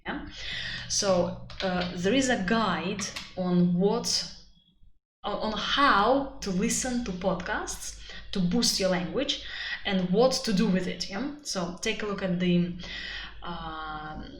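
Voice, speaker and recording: Russian-accented lady teacher, chatty and lively, lots of ums, echoey room, a bit of noise behind. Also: mid-range voice, slow. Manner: chatty, animated, many fillers. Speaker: IELTS teacher. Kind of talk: live webinar teaching.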